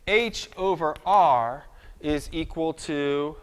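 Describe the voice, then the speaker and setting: A man's voice: on the high side, slow pace, a bit bright, smooth. A man giving a live math lecture, chatty and self-deprecating, thinking aloud as he works at the board. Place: lecture hall. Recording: long reverb of a lecture hall.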